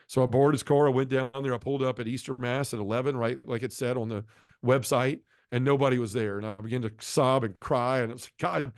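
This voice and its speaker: A middle-aged man tells his own conversion story at a quick clip, his voice sitting at an ordinary pitch. He speaks earnestly and from the heart. The sound is dry and close, with no room echo. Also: a little mellow. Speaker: guest sharing a conversion testimony. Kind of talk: emotional personal testimony.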